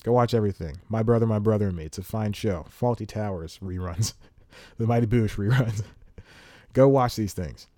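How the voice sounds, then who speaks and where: A man's voice: lowish voice, moderate pace, warm tone, no room sound, studio quality. Fired-up man ranting on his podcast. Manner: fired-up ranting, rambling tangents, self-mocking laughs. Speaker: podcast host. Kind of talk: solo comedy podcast rant.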